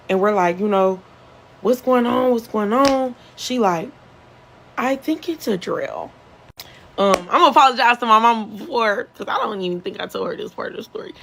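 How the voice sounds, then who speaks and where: A woman's voice: vocal fry, rough recording. A young adult woman telling a true story in the first person, casual and earnest, acting out what people said. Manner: earnest, conversational, re-enacts others' words with shifts in pitch. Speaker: storyteller, survivor recounting events.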